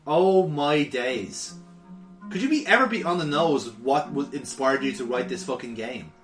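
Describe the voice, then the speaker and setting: A young man riffs over a game playthrough, full of mockery and swearing, his pitch leaping around. The room rings a little, and music plays underneath. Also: expressive, moderate pace. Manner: sweary, mocking, bursts into shouts and laughter. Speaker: let's play co-host. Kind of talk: casual gaming commentary. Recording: roomy recording with music behind.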